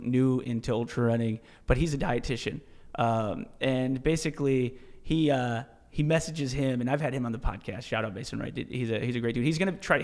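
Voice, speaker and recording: A man telling a story as a podcast guest, in a casual, animated way, swearing freely and restarting his sentences often. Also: medium pitch. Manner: animated, profane, many restarts and "dude". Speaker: podcast guest, ultra-marathon runner.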